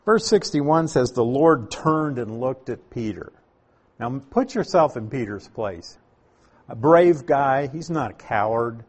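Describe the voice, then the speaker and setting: A man's voice: medium pitch, lively intonation, slow, slightly rough. A man preaching a sermon who reads scripture aloud and then explains it, asking his listeners rhetorical questions. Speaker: pastor teaching scripture. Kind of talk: sermon, Bible teaching. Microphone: uses slides while speaking to a congregation.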